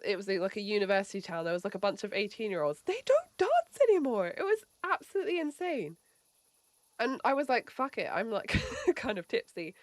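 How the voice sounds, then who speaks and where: Speaking at a medium pitch with no echo, an English-accented woman in her late twenties livestreams. She talks casually with her stream viewers, laughing a lot and cursing freely.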